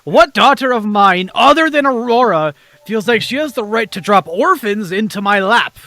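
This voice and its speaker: A man voicing a gruff middle-aged warrior father who booms out his complaints. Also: animated, moderate pace, no room sound, full character voice. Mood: indignant. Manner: booming shouted lines.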